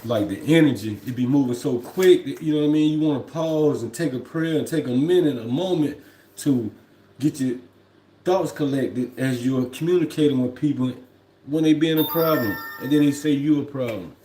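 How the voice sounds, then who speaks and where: A man's voice: mid-range voice, moderate pace, dark tone. A man talks loosely into a phone or webcam at home, circling back to "you know what I mean." His voice carries a roomy echo with a faint hiss underneath. The talk wanders and reflects. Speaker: truck driver livestreaming. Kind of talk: casual livestream talk. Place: at home, indoors.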